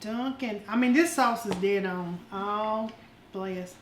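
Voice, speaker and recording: A woman's voice: mid-range voice, takes it slowly, roomy sound, slight background noise. An older woman, hosting a casual home cooking show in a folksy, affectionate way. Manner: folksy, affectionate, calls viewers honey and y'all. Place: home kitchen.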